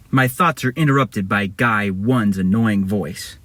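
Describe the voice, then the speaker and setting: A man's voice: on the low side, unhurried, few pauses, a bit bright, slight background noise. A man telling a made-up adventure story casually, rambling and correcting himself as he goes.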